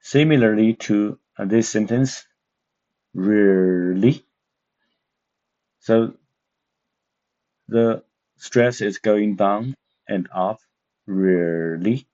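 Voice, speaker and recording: A man with a very low voice teaches a language lesson at an unhurried pace. He explains step by step and pauses often to search for words. The recording sounds dull and muffled. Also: fairly even intonation, darkish tone. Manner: slow, careful, with many fillers and pauses. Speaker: Mandarin teacher.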